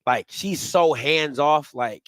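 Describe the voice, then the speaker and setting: A man co-hosting a casual sports talk show, animated and repeating himself as he laughs. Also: fairly high pitch, slow, dry recording. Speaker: podcast co-host.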